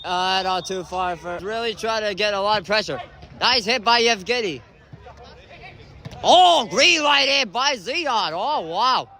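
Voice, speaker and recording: Man, high voice, bright tone, measured pace, live amateur soccer play-by-play full of shouted calls. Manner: excitable, frequent shouted calls and exclamations. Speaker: amateur match commentator. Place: indoor soccer stadium.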